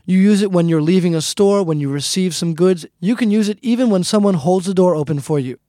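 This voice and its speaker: A man's voice: high voice, brisk, warm tone, no room sound, clean studio sound. A man teaching a casual language lesson, friendly and repetitive, often calling the listeners "guys". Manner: friendly, repeats points, calls listeners "guys".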